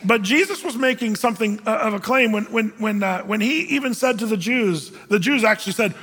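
High, husky man preaching in a hall. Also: moderate pace, few pauses, a bit bright. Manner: conversational, self-deprecating, restarts often. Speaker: pastor. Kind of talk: sermon. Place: church hall. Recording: long hall reverb.

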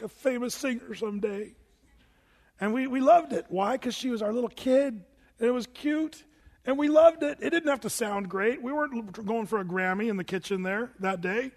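A man's voice: sits high, big-room sound. A man preaching a sermon as pastor in a conversational, folksy way, firing questions at the congregation. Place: church sanctuary.

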